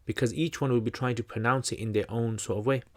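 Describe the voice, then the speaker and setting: A man's voice: mid-range voice, steady tone, fast talker, a little mellow. A man hosting a livestream Q&A, teaching in a loose, conversational way, full of fillers and restarts. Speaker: channel host answering questions.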